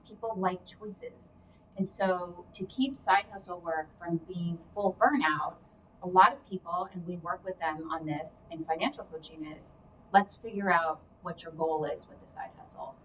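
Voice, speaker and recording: A woman's voice: lowish voice, fairly even intonation, normal speed, a bit bright, lo-fi sound. Chatty woman, distant mic. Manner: chatty, explanatory, hedges with asides. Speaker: career coach guest. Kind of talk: casual advice chat. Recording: distant mic with faint background noise.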